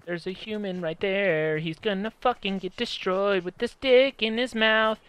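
A young man casually commenting on his own gameplay, excitable and swearing often, sometimes breaking into angry shouts. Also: sits high, a little slow, smooth, no echo. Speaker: gamer streamer.

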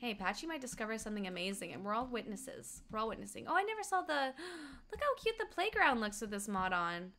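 A young woman from Colorado chatting casually and quickly while streaming a game, reading out chat and humming along. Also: fairly high pitch, sing-song, a bit bright, slight background noise. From Colorado, USA. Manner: fast-talking, chatty, reads chat aloud, hums along.

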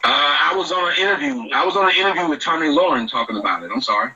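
A man's voice: on the high side, animated, rapid-fire, crowd noise. A man arguing defensively on a phone-in show, cursing and cutting in. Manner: defensive, argumentative, cusses. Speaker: show host on a phone-in clip. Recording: muffled clip with faint noise.

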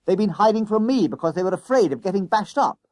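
A man's voice: sits high, expressive, fast, a little mellow, dry recording, pitched above the performer's own voice. A man voicing a jeering, bullying schoolboy. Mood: scornful.

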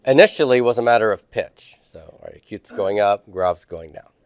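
Smooth-voiced man teaching Greek. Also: on the low side, lively intonation, moderate pace, darkish tone, dry recording. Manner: quizzing students with questions, patient. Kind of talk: classroom homework review.

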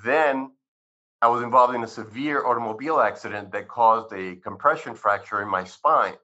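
A man in his fifties tells his personal story as an interview guest, his voice bright and forceful. He acts out past conversations with lively switches. The recording sounds a little dull and lo-fi. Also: mid-range voice, normal speed. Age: 50s. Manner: animated storyteller who acts out dialogue. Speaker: physician guest.

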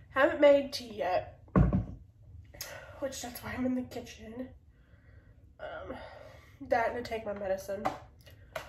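A woman's voice: fairly high pitch, darkish tone, roomy sound, distant mic, a little hiss or hum. A woman vlogger with a congested nose, chatting at home in her kitchen in a rambling, casual way. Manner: rambling, chatty, with laughs and sighs. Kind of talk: casual vlog chat.

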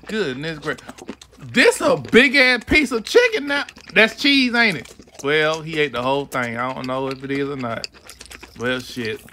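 A streamer doing casual reaction commentary, swearing freely and shouting questions back at the screen. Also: medium pitch, sing-song, normal speed. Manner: profane, exclaiming, talking back to the screen. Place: home streaming setup. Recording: noisy stream mic.

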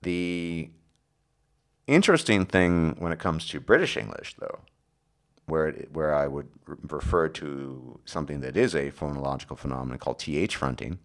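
A hoarse man giving an unscripted video lecture, explaining at a halting pace with frequent restarts and self-corrections. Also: extremely low pitch, fairly bright tone.

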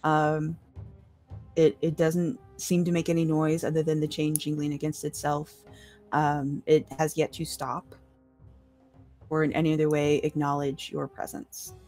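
A woman running a tabletop game as dungeon master, describing scenes in a calm, measured way with many fillers. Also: low-pitched, soft background music.

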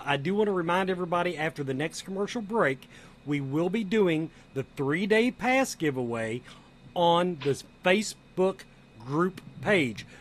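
A man hosting a show, making upbeat announcements to the audience. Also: on the high side. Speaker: host.

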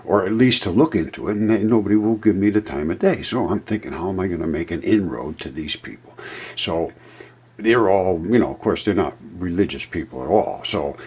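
Man, deep voice, husky, meandering casual storytelling. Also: animated, a little fast, a little mellow. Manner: meandering, loses track and restarts. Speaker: amateur science vlogger. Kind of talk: rambling storytelling and explanation.

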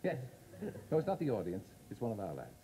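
A man's voice: fairly low pitch, huge pitch swings, background noise. A man hosting a chat show in front of a studio audience, bantering and teasing his guest. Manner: teasing, quick-witted banter. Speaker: talk show host.

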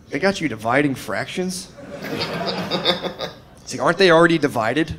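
This stand-up comedian has a medium-pitched, expressive, fairly bright voice, speaking at a measured pace with long pauses. He tells his stories in a laid-back way, peppered with "dude" and "man," acting out the characters as the audience laughs.

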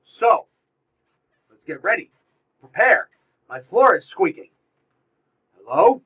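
In this VR horror let's play, a male YouTuber keeps up running commentary full of yelps and swearing, jumpy and talking back to the game, probably using a headset mic. He speaks slowly in a sing-song voice on the high side, leaving long pauses, over a noisy background.

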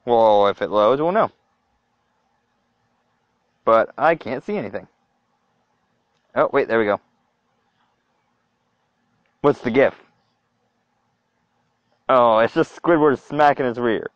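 Animated young man, dull lo-fi sound. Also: medium pitch, slow pace, pauses often, no room sound. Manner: animated, exclaiming, talks to himself. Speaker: video creator. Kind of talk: reaction commentary. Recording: dull lo-fi dry recording.

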